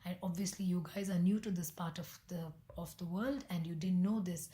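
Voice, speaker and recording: A woman's voice: on the low side, a little fast, few pauses, warm tone, roomy sound. A woman telling a folk tale with voiced animal characters, often dropping into a whisper. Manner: often drops to an unvoiced whisper. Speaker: storyteller.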